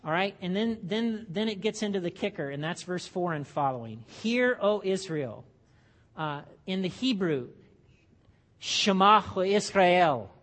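A man's voice: sits high, expressive, normal speed. A man preaching a sermon in a church, in a conversational way with joking asides and frequent restarts. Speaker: pastor.

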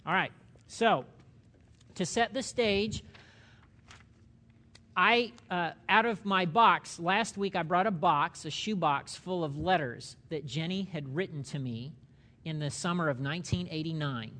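A man's voice: fairly high pitch, a little slow, sharp tone. A middle-aged man leading a church Bible study, talking conversationally and asking the group questions as he teaches. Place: church meeting room.

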